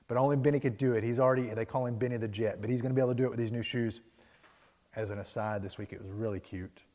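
Storytelling pastor in a big echoing hall. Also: male voice, on the low side. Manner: animated storyteller, conversational. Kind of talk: sermon with storytelling. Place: church sanctuary. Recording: long hall reverb.

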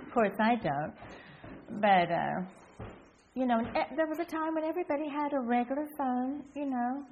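An older woman with a fairly high voice, reminiscing in a loose, wandering way and often backing up to correct herself. Her voice comes through thin and phone-like, with a faint hiss underneath. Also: animated, normal speed. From England (Essex). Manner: rambling, self-correcting, reflective. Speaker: storyteller. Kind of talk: casual reminiscing monologue.

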